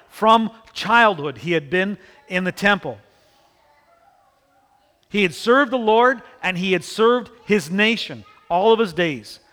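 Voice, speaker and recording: Bright, high-voiced man preaching in a hall. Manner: animated storytelling, acting out quoted characters. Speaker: pastor. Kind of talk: sermon.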